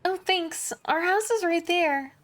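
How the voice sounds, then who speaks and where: A woman voicing an eager little village girl in a high, squeaky voice, reading game dialogue aloud. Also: takes it slowly, exaggerated voice. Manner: squeaky, earnest and excited.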